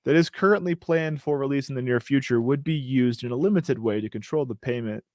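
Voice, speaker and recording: Male host, mid-pitched, casual and joking, reading news with a dry close mic. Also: brisk, a little mellow, dry recording. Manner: joking, riffing asides while reading. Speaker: show host.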